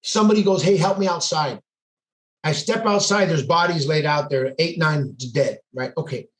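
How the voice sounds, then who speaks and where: A police sergeant tells a story on a podcast with intensity, acting out what people said as he goes. His voice is a little high and fairly bright, at a moderate pace. The room is echoey, and the talk is casual storytelling.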